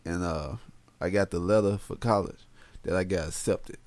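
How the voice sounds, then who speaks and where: Young male podcast co-host, relaxed and reflective, with a low voice and a dry sound. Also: normal speed, no echo. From West Memphis, Arkansas. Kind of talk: casual chat.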